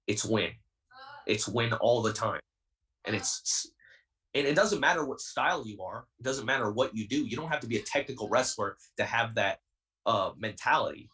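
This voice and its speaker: A man's voice: on the low side, moderate pace, bright, forceful tone, recorded from a distance, low-quality recording. A man of twenty, a wrestler speaking as a guest on a podcast, talking intensely and defiantly and repeating himself to make his point. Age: 20s. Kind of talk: heated podcast interview.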